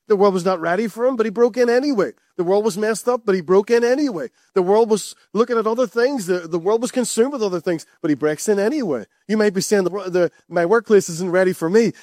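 A man's voice: sits high, a little mellow, no room sound, clean studio sound. A man preaching a sermon in an emphatic, conversational way, repeating key phrases. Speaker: pastor.

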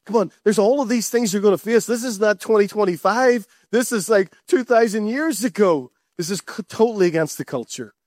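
A man's voice: sits high, fairly quick, hardly any pauses, darkish tone, no room sound, studio quality. A man preaching a sermon in an emphatic, conversational way, repeating key phrases. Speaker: pastor.

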